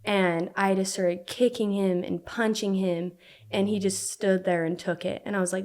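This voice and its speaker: Appearing as a podcast guest, a young woman from Utah shares her story in a casual, stop-and-start way, filling her speech with frequent "like"s. Her mid-range voice keeps a steady tone and sounds a little mellow.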